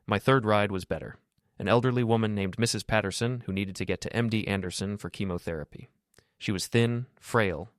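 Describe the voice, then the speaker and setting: A man with a very low voice narrates a scripted first-person story. His delivery is steady and matter-of-fact, and the recording is dry and close. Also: no room sound.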